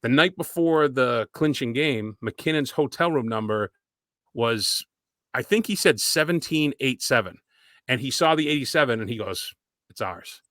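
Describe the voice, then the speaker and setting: A man's voice: mid-range voice, moderate pace, dry recording, studio quality. A man, co-hosting a podcast in casual chat and telling rambling anecdotes. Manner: rambling anecdotal storyteller, relaxed. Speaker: podcast co-host.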